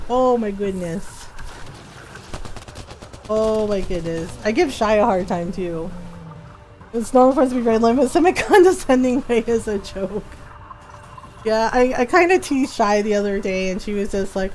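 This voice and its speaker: A woman's voice: mid-range voice, lively intonation, normal speed, pauses often, a little mellow, slight background noise, low-quality recording. A woman in her forties chatting casually while streaming a game, telling stories with frequent giggles. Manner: giggly storytelling. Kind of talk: casual gameplay chat.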